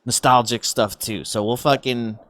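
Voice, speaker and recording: A middle-aged man hosting a podcast, relaxed and laughing easily in casual chat. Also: mid-range voice, normal speed. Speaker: podcast host.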